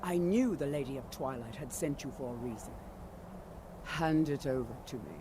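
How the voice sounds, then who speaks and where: An actor voicing a devout elf priest who speaks in a reverent, formal, chanting way in a video game. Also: male voice, mid-range voice, expressive, normal speed, noisy background, lightly acted.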